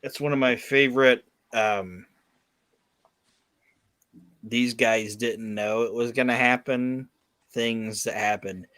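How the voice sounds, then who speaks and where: A man's voice: mid-range voice, steady tone, slow, long pauses, fairly bright tone, no room sound. A man hosting a podcast, telling a story in a profane, emphatic casual chat. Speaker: podcast host.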